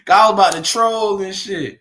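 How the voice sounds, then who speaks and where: A livestream host chats loosely with his viewers, rambling, swearing freely, and laughing between remarks. His voice is medium-pitched and fairly bright, with a moderate pace.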